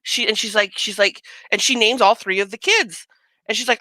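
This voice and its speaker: A woman from California chats as a guest, telling long, rambling family stories. Her voice sounds bright and forward, and the recording is dry and close, with no room echo. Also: mid-range voice, moderate pace. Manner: chatty, rambling anecdotes. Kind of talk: casual chat.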